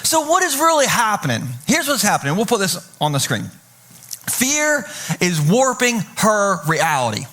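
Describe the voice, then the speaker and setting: Bright high-voiced joking pastor, a man. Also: moderate pace. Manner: animated, joking, acts out quoted voices. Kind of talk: humorous sermon storytelling. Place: church stage.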